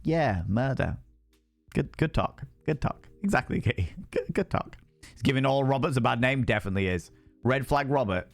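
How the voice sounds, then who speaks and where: A young man streaming a dating game, reading the text aloud and joking in animated, sweary chat. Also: medium pitch, fairly quick, creaky, no room sound. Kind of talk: casual gameplay commentary.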